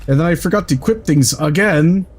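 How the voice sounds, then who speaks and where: A man's voice: a little high, a little fast, husky. A man streaming a game, chatting casually in a rambling, jokey way and swearing freely.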